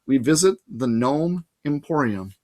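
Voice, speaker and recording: Reading a novel aloud like a storybook, a man who may be a teacher narrates plainly in first person, dropping casual asides for his listeners. His medium-pitched voice is expressive and darkish, delivered at a measured pace.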